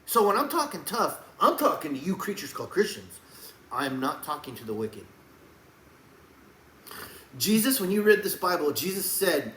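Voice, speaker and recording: A rather high-voiced man preaching in a rambling, emphatic monologue, his voice bouncing around an echoey room. He swings from muttered asides to loud, forceful bursts, with a faint hum behind him. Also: very animated, moderate pace, pauses often. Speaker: Christian video blogger.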